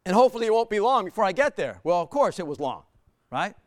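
A man's voice: high-pitched, sing-song, fast talker, no room sound, studio quality. A man telling a personal story to a live audience in a chatty way, repeating words, laughing and asking the crowd questions.

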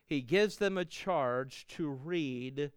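A middle-aged male pastor preaching with earnest conviction, his phrases swelling louder and then falling away soft. The voice is smooth and resonant, recorded close and dry with no room sound. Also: a little high, slow pace, dry recording. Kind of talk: sermon.

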